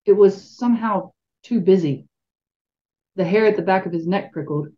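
A woman's voice: mid-range voice, normal speed. A woman reading a fantasy novel aloud expressively as a podcast co-host, with light asides. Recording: dull lo-fi sound.

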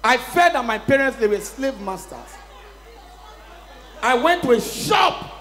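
A man with a Nigerian accent doing a stand-up comedy routine, mixing pidgin English and shouting his punchlines. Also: very high voice, lively intonation, unhurried, soft background music, some chatter behind. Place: live show venue with audience. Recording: echoey hall, long reverb.

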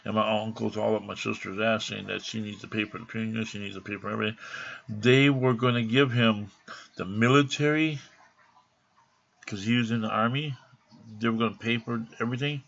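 Low gravelly guy rambling through a story, swears a lot, bright husky voice, dull lo-fi sound. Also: fairly even intonation, brisk. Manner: rambling, profane, indignant. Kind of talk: casual personal story. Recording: dull lo-fi recording.

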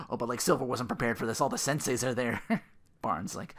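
A man giving a casual, rambling episode recap, swearing freely and quick to laugh. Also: medium pitch, a bit bright. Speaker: show recap host.

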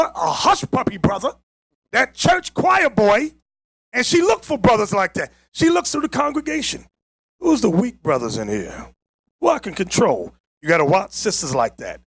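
High, shouting, animated preacher man. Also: normal speed, vocal fry, no room sound. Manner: emphatic, mocking, often shouting. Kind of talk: fiery street-style Bible teaching.

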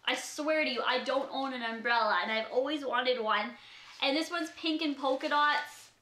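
A young woman from Canada, a YouTuber talking through an unboxing vlog in a gushing, excitable way. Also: sits high, moderate pace, a little hiss or hum. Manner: gushing, excitable, frequent gasps. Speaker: YouTuber opening a gift. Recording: echoey room.

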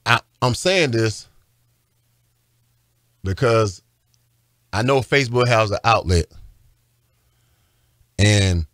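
A man's voice: fairly low pitch, takes it slowly, long pauses, fairly bright tone, no room sound, clean studio sound. A man, a radio pastor preaching fervently, repeating his calls with growing emphasis. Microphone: studio microphone.

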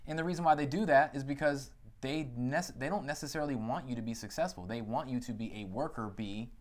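A man in his thirties co-hosting a casual podcast chat, talking in an animated, emphatic way with a lot of slang. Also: mid-range voice, quick pace. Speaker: podcast co-host.

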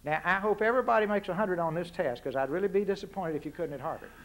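At a forum before an audience, a man speaks fast in a high-pitched voice with a Texan accent. He's the guest speaker, delivering folksy political remarks full of asides and punchy rhetorical questions.

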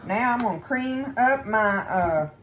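A woman's voice: fairly high pitch, animated, measured pace, very noisy. A middle-aged woman with a Texan accent, hosting a home cooking show in a folksy, chatty way and talking to viewers as y'all. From Texas. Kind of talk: casual home cooking demonstration.

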